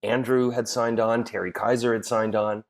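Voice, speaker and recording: A man's voice: medium pitch, little pitch movement, normal speed, gravelly. A middle-aged man, a podcast guest and actor, chatting casually and telling stories with frequent laughs, fillers and restarts. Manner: storytelling, laughs often, many fillers and restarts. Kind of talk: casual chat.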